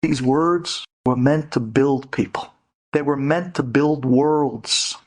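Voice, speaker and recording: A man, a rabbi, giving an inspirational storytelling lecture to women, dramatic and prone to loud, emphatic bursts. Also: medium pitch, takes it slowly.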